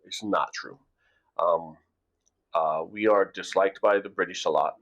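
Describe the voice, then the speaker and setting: A man's voice: deep voice, unhurried, a bit bright. A middle-aged man from the United States, telling a rambling story to camera in a casual vlog, often repeating words as he goes. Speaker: vlogger. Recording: dull lo-fi recording.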